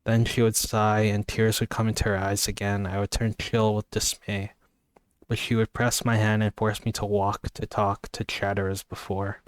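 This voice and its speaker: A man's voice: on the low side, level tone, moderate pace, no echo, studio quality. A man casually reading a novel aloud, sleepy and yawning, stumbling over words and apologizing. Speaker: amateur reader.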